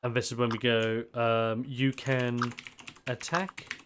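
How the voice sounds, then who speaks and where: A man chats casually on a livestream at a middling pitch. He keeps up a stream of joking, self-deprecating banter. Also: flat delivery, a little slow, background noise. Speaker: co-host.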